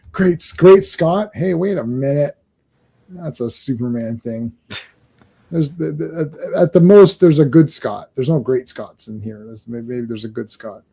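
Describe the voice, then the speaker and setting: Mellow-voiced man joking about comics. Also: mid-range voice, sing-song, slow pace, vocal fry, long pauses, breathy edge. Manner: joking, acts out comic panels in silly voices. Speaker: podcast co-host. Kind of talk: casual comic book chat.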